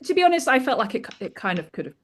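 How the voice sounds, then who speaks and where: A woman's voice: fairly high pitch, very animated, rapid-fire. A woman guest co-hosting a podcast, chatting in a friendly, self-deprecating way with some hesitant restarts. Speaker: guest co-host. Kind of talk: casual podcast chat.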